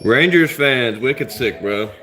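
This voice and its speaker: A man's voice: mid-range voice, expressive, slow, music in the background. A man hosting a live stream, chatting casually and rambling with his viewers. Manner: rambling, laid-back, chats with commenters. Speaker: livestream host.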